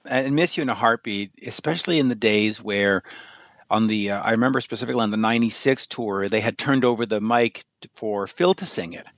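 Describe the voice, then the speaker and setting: A man's voice: on the low side, brisk, fairly bright tone, no echo, lo-fi sound. A male radio host in a casual interview who talks in a chatty, rambling way with many fillers.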